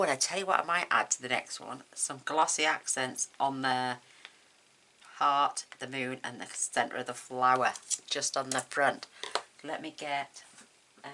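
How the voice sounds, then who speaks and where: A woman hosting a card-making tutorial at home, chatting casually and thinking aloud as she works, with quick laughs. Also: rumbling low, background noise. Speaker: craft tutorial host. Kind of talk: casual demonstration chat.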